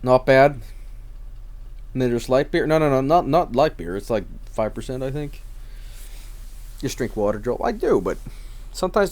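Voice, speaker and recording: A man's voice: medium pitch, a little mellow. A man streaming, chatting casually and rambling with many restarts and plenty of swearing.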